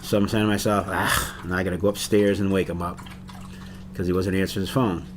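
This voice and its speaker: A middle-aged man with a somewhat low voice recalls a painful morning in an interview. He talks haltingly, restarting and repeating words in plain, casual phrasing. A faint hiss sits under the recording. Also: little pitch movement. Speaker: bereaved father. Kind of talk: interview recollection.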